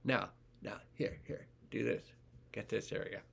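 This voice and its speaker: A man's voice: lowish voice, steady tone, unhurried, creaky, breathy edge, full character voice. A man murmuring as a contented house cat. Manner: soft, murmured, half-whispered.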